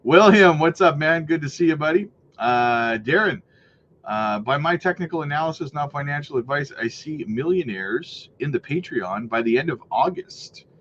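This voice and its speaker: A man's voice: fairly high pitch, lively intonation, normal speed, fairly bright tone. A man hosting a casual livestream, reading viewer comments aloud in an upbeat, hyped way, full of "you know" and "right". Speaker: crypto livestream host. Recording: slightly muffled with faint noise.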